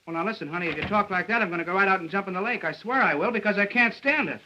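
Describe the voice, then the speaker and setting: Brash young male reporter, wisecracking, 1930s film, quite high, very bright. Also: lo-fi sound, slight background noise. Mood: coaxing. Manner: fast, cocky, wheedling. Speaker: newspaper reporter.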